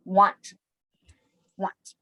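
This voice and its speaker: A woman's voice: very slow, rough recording. A young woman, teaching a casual sign language class in a chatty, self-deprecating way. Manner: chatty, self-deprecating, animated when students try signs. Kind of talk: casual online class instruction.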